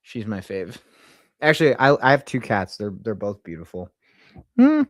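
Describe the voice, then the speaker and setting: A man streaming live and chatting with his viewers, talking in an excitable, gleeful, profane way. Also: fairly low pitch, normal speed, no echo, studio quality. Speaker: streamer and prank caller. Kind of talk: casual live-stream chat.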